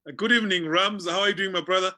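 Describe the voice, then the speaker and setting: A man's voice: high-pitched, fairly even intonation, rapid-fire, pushed and bright. A man appearing as a talk show guest, chatting in a friendly, jokey way. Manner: friendly and jokey, calls the host brother. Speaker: guest speaker. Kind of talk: casual chat.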